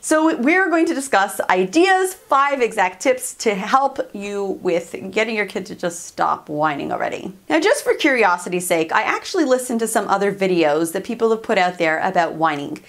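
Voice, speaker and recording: A woman's voice: medium pitch, sing-song, normal speed, hardly any pauses, fairly bright tone. A woman hosting a parenting channel, giving casual advice to camera in a chatty, upbeat way, often laughing and acting out what to say. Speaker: parenting coach and channel host.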